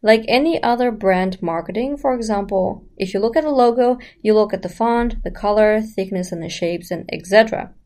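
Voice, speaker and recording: A woman's voice: medium pitch, moderate pace, hardly any pauses, a little mellow. A woman teaching about the voice in a chatty, explanatory way, speaking straight to the listener and asking rhetorical questions. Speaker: voice coach. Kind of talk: casual explanatory lesson.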